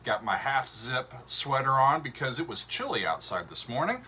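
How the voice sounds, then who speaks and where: A man hosting a livestream, chatting casually with viewers in a relaxed, rambling way with lots of fillers and a drawl. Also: mid-range voice, normal speed, crowd noise. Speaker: show host.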